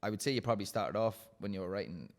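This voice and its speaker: A man's voice: lowish voice, animated, rapid-fire, creaky. A man hosting a casual podcast interview, talking in a rambling, stop-start way and repeating words as he goes. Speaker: podcast host and coach.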